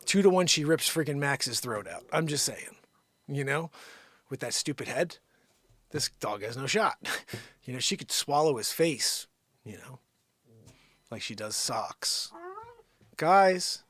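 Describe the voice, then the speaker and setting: A man's voice: a little high, lively intonation, unhurried, pauses often. Rambling, joking male live-streamer. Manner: rambling and joking, swings from loud to whispery asides. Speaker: host of a daily live stream. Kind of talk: unscripted comedic live-stream chat. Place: at home with his dogs.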